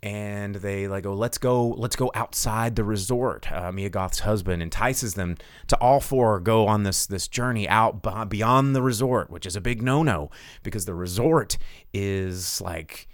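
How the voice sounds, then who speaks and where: A man's voice: fairly low pitch, no room sound. A man hosting a live podcast, rambling and cursing casually through a movie plot recap from his home studio. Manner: rambling, profane, lots of fillers. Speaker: podcast host.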